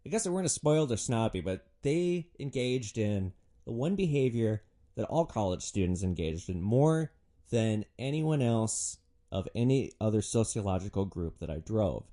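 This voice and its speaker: Brief: young guy, comic storyteller, swearing freely, animated delivery, warm mellow voice. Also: on the low side, normal speed. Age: young adult. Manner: sardonic, profane, animated. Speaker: podcast host, former rideshare driver. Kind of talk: comedic storytelling monologue.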